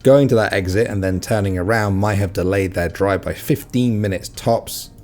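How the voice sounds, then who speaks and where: A man's voice: lowish voice, normal speed, darkish tone. A man reading reddit stories aloud in a casual way, adding wry, joking comments between them. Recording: faint music behind.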